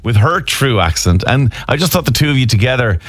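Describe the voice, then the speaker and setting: A man's voice: medium pitch, big pitch swings, brisk, fairly bright tone, no echo. A middle-aged Irish man interviewing a guest in a chatty, enthusiastic way. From Ireland. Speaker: journalist interviewer.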